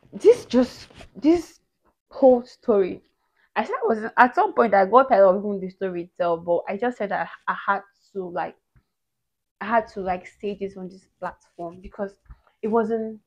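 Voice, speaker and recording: Young woman, vlog storyteller, animated, medium pitch, muffled lo-fi sound. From Nigeria. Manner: animated, emotional retelling with many restarts. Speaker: vlogger. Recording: dull lo-fi audio.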